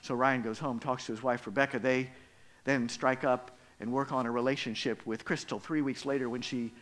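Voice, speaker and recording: A man preaching a sermon, swinging between loud emphatic lines and quiet, soft ones. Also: medium pitch, fairly even intonation, moderate pace. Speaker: pastor.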